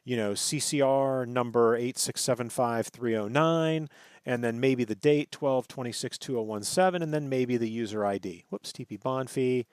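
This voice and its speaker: A man's voice: mid-range voice, normal speed, a little mellow, clear, resonant tone, no echo. A man teaching a networking class over a screen recording, thinking aloud, correcting himself and stressing key terms. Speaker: networking instructor.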